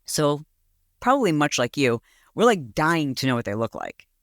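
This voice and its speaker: A woman's voice: sits low, very animated, normal speed, no room sound, studio quality. A woman hosting a podcast, telling a story in a casual, gossipy way and acting out voices in quotes. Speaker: podcast host.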